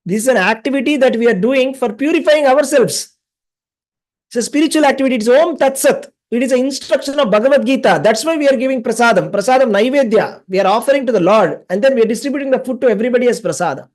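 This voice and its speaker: A man's voice: very high voice, quick pace. Man teaching a scripture class. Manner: repetitive, asks the class questions, acts out dialogue. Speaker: spiritual teacher. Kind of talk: class lecture with storytelling.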